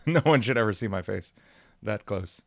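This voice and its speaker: In his home music studio, a young man hosts a livestream, chatting casually in a loose, rambling, excitable way and laughing often. His voice is fairly low and gravelly at a moderate pace, captured in a dry, studio-quality recording.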